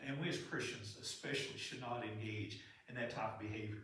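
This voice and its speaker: A man's voice: lowish voice, steady tone, brisk, a bit bright, a little hiss or hum. A man preaching a sermon in a church in an earnest, conversational way. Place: church sanctuary. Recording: echoey hall from far off.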